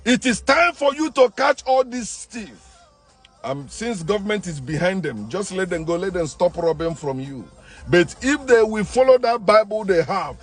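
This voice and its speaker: A man delivering a forceful, preachy monologue, repeating himself and restarting phrases. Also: high voice, breathy edge. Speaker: online commentator. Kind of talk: impassioned monologue.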